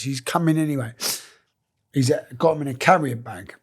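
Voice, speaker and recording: A man's voice: medium pitch, moderate pace, breathy edge. A man guest on a podcast, telling work stories in casual, swearing, laughing banter full of slang. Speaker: podcast guest, former scaffolder and boxer. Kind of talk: casual storytelling chat.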